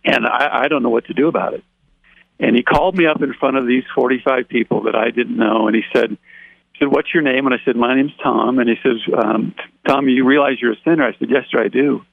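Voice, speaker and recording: Gravelly man telling his story by phone. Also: medium pitch, a little fast, dry recording. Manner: animated, acts out quoted dialogue. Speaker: interview guest. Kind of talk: personal testimony storytelling. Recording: tinny dry phone line.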